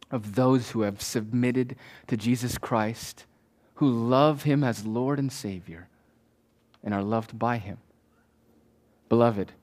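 A man preaching a sermon as pastor to his congregation, swinging between loud emphatic lines and hushed asides. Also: mid-range voice.

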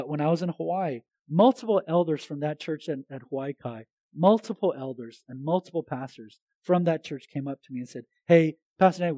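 High-voiced pastor preaching conversationally. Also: male voice, no echo. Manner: conversational, animated preaching with restarts. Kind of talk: sermon.

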